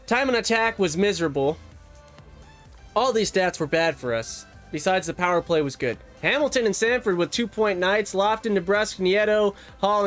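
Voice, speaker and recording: Light music underscores a young YouTuber's excited self-commentary on a hockey game he's playing. In a strikingly high voice, he calls the plays at speed like a broadcaster, yelping at close calls and laughing.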